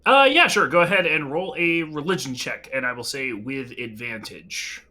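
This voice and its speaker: Man, dungeon master, tabletop game, bright tone, hesitant, lots of ums. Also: medium pitch, moderate pace. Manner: hesitant, many ums while explaining.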